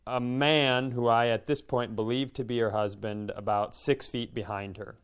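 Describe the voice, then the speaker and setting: A man's voice: mid-range voice, steady tone, moderate pace, clear, resonant tone. A man co-hosting a podcast, telling a long anecdote in casual chat and slipping into quoted voices. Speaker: comedian podcast co-host.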